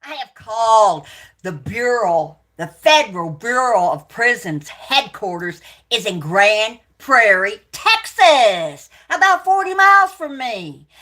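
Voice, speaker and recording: Woman ranting, bright and profane. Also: on the high side, sing-song, slow pace. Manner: profane, accusing, shouting and yelling; drops to muttering between outbursts. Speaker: livestreamer. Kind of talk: angry livestream rant at viewers.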